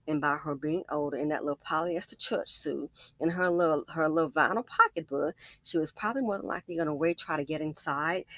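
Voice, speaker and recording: A woman's voice: low voice, a bit bright, dry recording. A woman hosting a casual commentary video, telling stories emphatically and often digressing. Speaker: commentary channel host.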